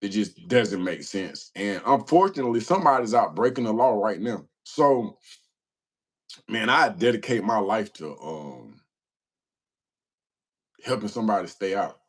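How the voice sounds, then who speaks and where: A man's voice: on the low side, animated, a little slow, long pauses, slightly rough. A man hosting a casual livestream, telling stories with a self-mocking, slangy manner and laughing often. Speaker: livestream host. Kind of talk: casual livestream chat reading comments.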